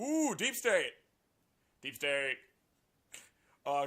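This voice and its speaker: A man reading a news article aloud and reacting to it with sarcastic, profane commentary and animated outbursts. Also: medium pitch. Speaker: political commentary vlogger.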